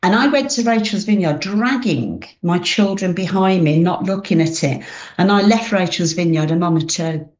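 A woman's voice: on the low side, moderate pace, a little mellow, dull audio. A woman giving a heartfelt personal testimony as an interview guest, speaking earnestly and often restarting her sentences.

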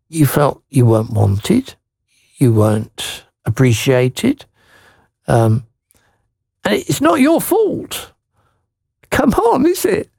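A man hosting Christian radio, gently reading a listener's letter, encouraging her with tag questions, and praying. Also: mid-range voice, vocal fry, no echo, studio quality.

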